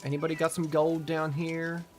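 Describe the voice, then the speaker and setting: A man's voice: a little high, flat delivery, normal speed, background noise. A man from Australia with an Australian accent, casually chatting and swearing while streaming a game and reading out chat.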